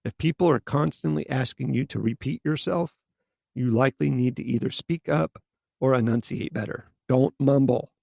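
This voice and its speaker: A man's voice: medium pitch, moderate pace, vocal fry, darkish tone, dry recording. A man hosting a solo advice podcast, talking bluntly and casually with mild swearing. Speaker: podcast host and coach.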